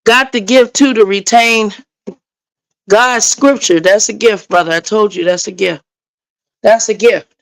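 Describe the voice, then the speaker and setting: A woman's voice: mid-range voice, unhurried, gravelly, pauses often, low-quality recording. A woman hosting a casual livestream, talking straight to her viewers in a frustrated, rambling way. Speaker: livestream host.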